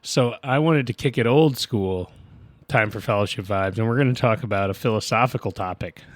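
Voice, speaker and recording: A man's voice: on the low side, brisk, dry recording. A man co-hosting a podcast, telling self-mocking stories in casual chat. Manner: jokey, self-mocking storyteller. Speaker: podcast co-host.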